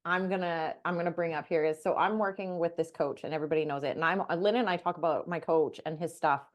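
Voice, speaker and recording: A middle-aged woman co-hosting a podcast, talking candidly and bluntly, animated and swearing freely. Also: low-pitched, quick pace. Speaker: podcast co-host. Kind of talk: candid casual chat.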